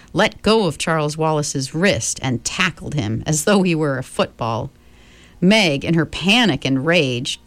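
A woman's voice: low voice, no room sound. A woman reading a novel aloud chapter by chapter, with friendly asides to her listeners. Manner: slow, gentle reading with chatty asides to listeners. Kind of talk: read-aloud book narration.

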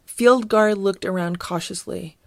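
Female storybook narrator, even read-aloud, gravelly, dry booth sound. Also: mid-range voice, measured pace, no room sound.

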